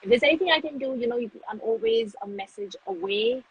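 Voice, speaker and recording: A woman guest on a live-streamed phone interview whose voice is very husky and breathy. She sits slightly high in pitch. She talks in quick, effusive bursts and laughs easily between thoughts. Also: animated, dull audio. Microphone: phone on a live video stream.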